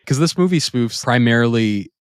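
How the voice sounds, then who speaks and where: A man's voice: lively intonation, moderate pace, clean tone, no room sound, clean studio sound. A man co-hosting a podcast, chatting casually and enthusiastically about a movie he rewatched, laughing often and acting out funny lines. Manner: enthusiastic, laughs often, acts out quoted lines in high voices. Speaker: podcast co-host. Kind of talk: casual film review chat.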